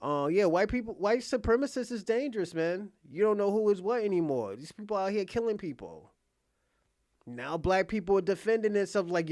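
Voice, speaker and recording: High-voiced blunt man ranting. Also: animated, brisk, darkish tone, no echo, studio quality. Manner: blunt and profane, repeats that he is being honest; laughs between lines. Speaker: online commentator. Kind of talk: casual rant to viewers.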